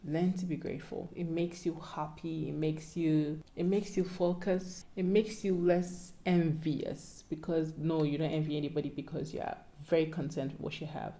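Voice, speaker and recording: A young woman with a Ghanaian accent and a low, mellow voice gives casual advice to her viewers. She talks in a playful, pleading way that sometimes sounds like a sermon. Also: fairly even intonation, normal speed, hardly any pauses. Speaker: vlogger.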